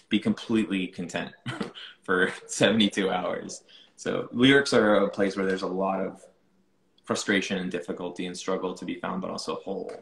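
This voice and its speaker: A man's voice: sits low, creaky, fairly bright tone, reverberant. A young man answering interview questions casually, rambling with many fillers and restarts. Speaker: musician being interviewed.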